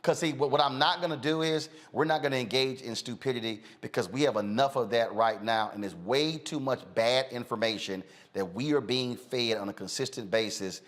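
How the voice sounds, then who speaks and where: Casting: outspoken male host, combative rants, mid pitch. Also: a little fast, few pauses. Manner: blunt, combative, animated rants with filler "uh". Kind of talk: outspoken talk show commentary.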